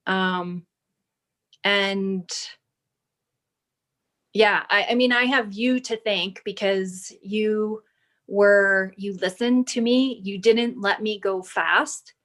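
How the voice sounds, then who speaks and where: A woman in her thirties speaks at an unhurried, careful pace, her voice sitting in an ordinary middle register. She talks through her experience in a relaxed, conversational way and now and then reads from notes. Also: medium pitch. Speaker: client giving a testimonial. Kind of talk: casual video call chat.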